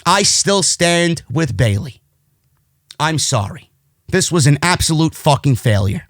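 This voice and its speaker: A man's voice: fairly high pitch, very animated, unhurried, a bit bright, dry recording, clean studio sound. A man with a New York accent recapping a wrestling show in a sarcastic, exasperated rant, swearing often. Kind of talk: profane ranting show recap.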